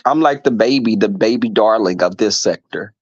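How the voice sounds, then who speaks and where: Profane, animated man telling stories. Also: fairly low pitch, moderate pace, no room sound, muffled recording. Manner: animated, profane, acts out voices. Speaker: livestream host reading chat. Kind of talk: casual storytelling to viewers.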